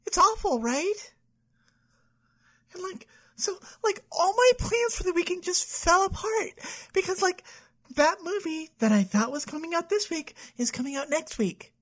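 A woman's voice: sits high, lively intonation, moderate pace, a bit bright. A woman playing a self-absorbed young woman who vents to her therapist, whiny and furious, sighing a lot and filling her talk with "like". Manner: whiny, full of sighs and "like" fillers. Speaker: patient venting to a therapist.

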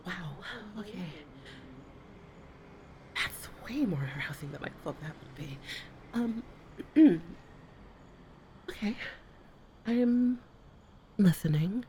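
A woman performing a one-sided audio role-play, swearing freely, often dropping to a hushed whisper and stammering through restarts when flustered. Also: mid-range voice, animated, slow pace, long pauses, husky.

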